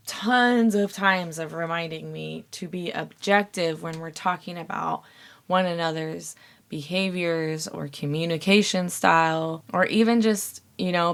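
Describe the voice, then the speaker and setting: Woman, podcast host, casual relationship advice, candid, swears, fillers, gravelly fry. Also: lowish voice, fairly bright tone.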